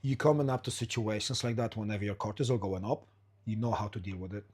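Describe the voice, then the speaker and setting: A man's voice: fairly low pitch, fast talker, darkish tone. A man hosting a podcast, talking bluntly and with lots of swearing, in non-standard English. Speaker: podcast host. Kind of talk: casual interview chat.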